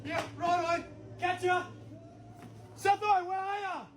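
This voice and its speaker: A man's voice: very high voice, steady tone, a little slow, noisy background. A man playing a cheery, matey Australian bloke with a broad accent, laughing as he greets his mates. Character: cheery broad-talking male Aussie bloke.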